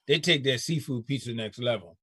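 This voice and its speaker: A man's voice: mid-range voice, a little fast, pushed and bright, slightly rough, dry recording. A man hosting a casual chat show, laid-back and slangy, laughing often. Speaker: show host.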